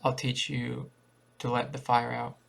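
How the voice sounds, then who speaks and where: A bitter, burly drunk father barks threats across a dark kitchen, read by a man. The voice is gravelly and creaky, pitched in an ordinary middle range. It stays close to a reader's plain storybook delivery. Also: completely flat delivery, unhurried. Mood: furious. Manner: barking, threatening.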